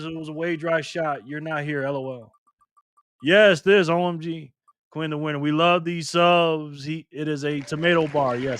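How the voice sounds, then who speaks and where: A playful, upbeat man runs a casual live stream, calling out viewers by name and reading their comments aloud. His voice sits a bit high for a man, and it sounds close and dry with almost no room echo. He peppers his talk with slang and spelled-out internet abbreviations. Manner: lively, playful, laughs often, calls out viewer names.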